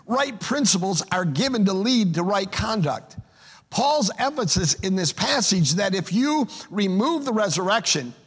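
A man's voice: high-pitched, a bit bright, husky. A pastor preaching an emphatic sermon, often repeating words as he starts a phrase. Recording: long reverb of a large hall.

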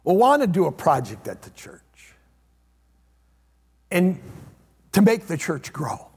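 High-voiced husky preacher in a reverberant church. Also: male voice, very animated, slow pace. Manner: repetitive preaching, swings between loud emphasis and hushed low lines. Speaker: pastor. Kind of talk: sermon. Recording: long hall reverb.

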